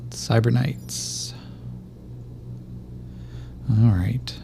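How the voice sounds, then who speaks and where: A man's voice: mid-range voice, very slow, creaky, noisy background. A man running a tabletop game as game master, thinking aloud as he checks the rules and narrates the scene. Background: faint background music.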